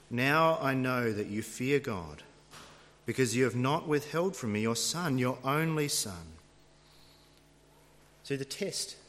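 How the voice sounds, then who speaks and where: A man's voice: medium pitch, a bit bright. A man preaching a sermon, retelling a scripture story in a dramatic storytelling manner. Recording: long reverb of a large hall.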